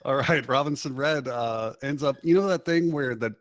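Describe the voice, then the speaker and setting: A man acting as game master, narrating a tabletop game in a relaxed way, laughing often. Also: medium pitch, moderate pace, a little hiss or hum. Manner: laid-back, laughs often, many fillers.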